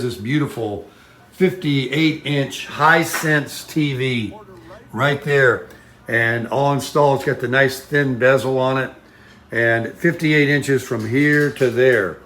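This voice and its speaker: A man's voice: medium pitch, unhurried, a bit bright. A man talking in a casual, rambling, folksy vlog style. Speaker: vlogger.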